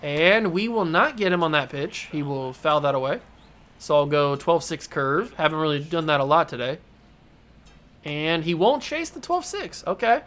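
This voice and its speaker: A man hosting a gaming channel, giving excitable play-by-play commentary on his own baseball video game, talking to himself and to the game as he plays. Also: on the high side, moderate pace.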